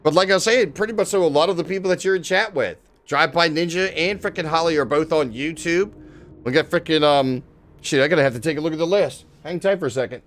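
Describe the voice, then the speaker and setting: Excitable male live streamer, fairly high voice. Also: fast talker. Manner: excitable, swears, shouts at chat. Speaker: livestreamer. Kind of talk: casual live-stream chat.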